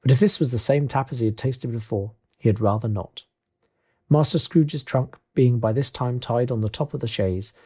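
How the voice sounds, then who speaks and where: A man reading a classic novel aloud as an audiobook, measured and expressive. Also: medium pitch, breathy edge. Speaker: audiobook reader. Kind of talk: audiobook narration.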